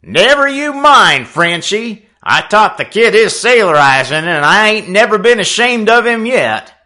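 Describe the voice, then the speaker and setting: A man voicing a gruff older male sailor with a rough, defiant way of talking in a storybook reading. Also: high voice, sing-song, measured pace, bright, forceful tone, pitched above the performer's own voice, full character voice.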